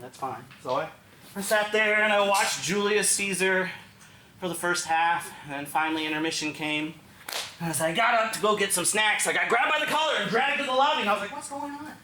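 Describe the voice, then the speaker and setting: A man performing a one-man theatrical storytelling show with an American accent, animated and acting out other people's lines. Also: high-pitched, a little fast. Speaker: solo stage performer. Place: small theater stage. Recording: echoey theater room with faint ambience.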